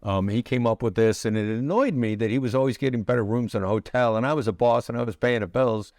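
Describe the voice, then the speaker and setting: A middle-aged man, a negotiation expert guest in an interview, explaining his ideas in a measured way with pauses and restarts. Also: medium pitch, darkish tone, no echo, studio quality. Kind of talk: conversational interview answers.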